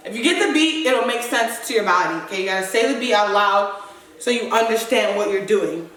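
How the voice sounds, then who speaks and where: A woman dance instructor teaching stepping, counting the moves aloud in a brisk, rhythmic way. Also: medium pitch, expressive, far from the mic, slight background noise. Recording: echoey room, voice off-mic, loud stomping and claps.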